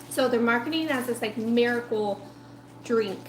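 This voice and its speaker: A woman with a slightly high voice tells a story casually between bites of food. She talks in a chatty, animated way full of "like" and asides. The room has an echo and a faint hum. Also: moderate pace. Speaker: food vlogger. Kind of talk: casual storytelling while eating.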